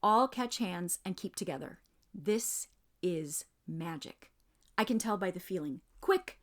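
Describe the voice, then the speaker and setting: A woman's voice: on the low side, lively intonation, a little slow. A woman voicing a plucky schoolboy who gives breathless, urgent commands in a storybook reading. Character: schoolboy Edmund, plucky and quick to take charge.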